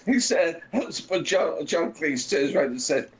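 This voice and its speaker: Excitable man in his fifties. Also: fairly high pitch, unhurried, low-quality recording. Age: 50s. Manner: excitable, laughs through his own storytelling. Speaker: guest on a game livestream. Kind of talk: casual chat.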